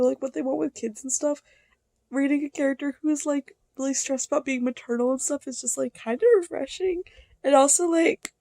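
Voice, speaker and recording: A young woman vlogging about her reading, her high voice bouncing between quiet musing and excited bursts, with plenty of fillers. The sound is dry and close, with no room around it. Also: creaky, no echo. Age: young adult. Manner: chatty, excitable, filler-heavy, swings between hushed and loud. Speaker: book vlogger. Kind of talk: casual reading vlog chat.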